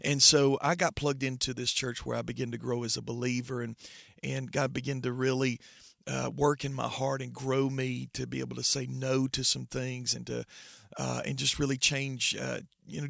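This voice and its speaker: Gravelly middle-aged pastor, earnest. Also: male voice, medium pitch, little pitch movement, fairly bright tone, no echo, clean studio sound. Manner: earnest, halting with many restarts. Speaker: pastor, interview guest. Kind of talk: personal testimony in conversation.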